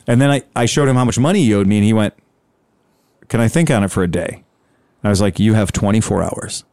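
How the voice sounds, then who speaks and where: Animated storytelling man, dry close sound. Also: fairly low pitch, fast talker, dry recording. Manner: animated, acts out both sides of conversations. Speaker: scooter dealer telling a story. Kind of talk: casual storytelling on a podcast.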